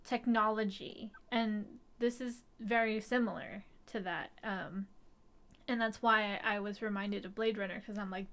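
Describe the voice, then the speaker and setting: A woman's voice: mid-range voice, steady tone, a little slow, a bit bright. A woman co-hosting a live film discussion stream, chatting casually with lots of fillers and little hedges.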